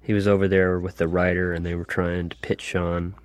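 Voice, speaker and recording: A man's voice: deep voice, fairly quick, no echo. A man telling an anecdote, acting out the voices of the people in it. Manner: animated storyteller acting out voices. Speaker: interview guest telling an anecdote.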